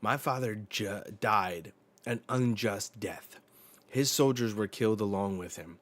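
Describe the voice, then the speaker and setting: A man's voice: on the low side, a little slow, natural voice. A man voicing a vengeful young giant prince who talks bluntly and resentfully. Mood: bitter.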